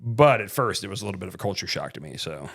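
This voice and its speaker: A man's voice: sits low, lively intonation, very fast, gravelly, fairly bright tone, slightly rough. A man from Ohio co-hosting a casual podcast, telling rambling stories that trail off with "so, anyhow.". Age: adult dad. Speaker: podcast co-host. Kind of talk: casual chat.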